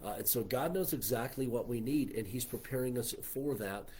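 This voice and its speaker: A man's voice: medium pitch, normal speed, a little mellow, breathy edge. A man with an American accent preaching a sermon as pastor, earnest, with many "uh" and "okay" fillers. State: coughing fits. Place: church.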